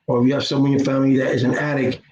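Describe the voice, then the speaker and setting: A man's voice: mid-range voice, little pitch movement, racing, a little mellow. A middle-aged man in a casual, rambling vlog monologue, earnest and preachy, often repeating his words. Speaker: YouTuber. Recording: roomy, dull lo-fi sound with faint noise.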